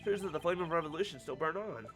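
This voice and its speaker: A man's voice: on the high side, fast, over music, natural voice. A man reading an earnest young game lawyer. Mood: accusing. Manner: earnest, pressing questions. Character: earnest young male defense lawyer, persistent.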